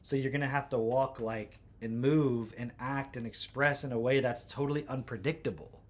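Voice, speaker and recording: A man's voice: medium pitch, steady tone, normal speed. A man hosting a livestream from home, reading posts aloud and breaking in with sarcastic, incredulous asides. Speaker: livestream host.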